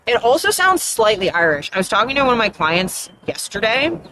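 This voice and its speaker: A woman's voice: on the high side, big pitch swings, fairly quick, noisy background. A woman with an Atlantic Canadian accent, chatting casually as a streamer while gaming, rambling and often trailing off mid-thought.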